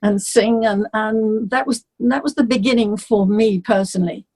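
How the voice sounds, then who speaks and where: A woman's voice: mid-range voice, normal speed, poor audio. Chatty older English woman. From England. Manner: chatty, warm anecdotes, laughs easily. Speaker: singer, guest. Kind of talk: interview.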